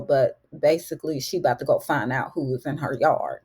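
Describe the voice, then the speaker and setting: A woman's voice: extremely low pitch, brisk, few pauses, a little mellow, slightly rough. A woman retelling a film in a chatty, casual way, calling her listeners honey and y'all. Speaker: recap host. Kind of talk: casual storytelling recap.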